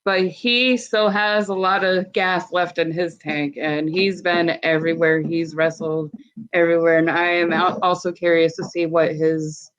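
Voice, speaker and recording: A woman's voice: fairly low pitch, level tone, a little slow, fairly bright tone. A young adult woman, a wrestling promotion co-owner, talking bluntly and chattily with lots of fillers in a casual podcast interview. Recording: slightly dull lo-fi sound.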